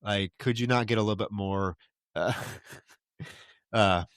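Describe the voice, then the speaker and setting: A man's voice: lowish voice, measured pace, fairly bright tone, clean tone, dry recording. Man recapping a film, dry close mic. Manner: profane, retells scenes with quoted dialogue. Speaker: podcast co-host. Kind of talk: casual film recap chat.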